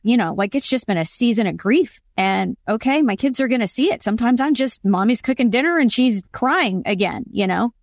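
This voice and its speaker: A woman's voice: a little high, expressive, fairly quick, hardly any pauses, no room sound. A middle-aged woman hosting a Christian podcast, talking earnestly and affirming her guest often. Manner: earnest, affirming, frequent mm-hmms. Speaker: podcast host. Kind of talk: casual Christian podcast interview.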